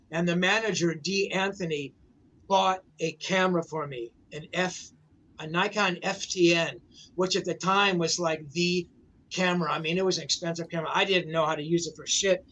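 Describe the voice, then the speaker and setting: Older man, high-pitched, rambling storyteller, lots of fillers, video call audio. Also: fairly even intonation, brisk, bright, forceful tone, a little hiss or hum. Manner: rambling, filler-heavy, says "you know, man" a lot. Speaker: guest, rock journalist. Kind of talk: casual anecdotal storytelling.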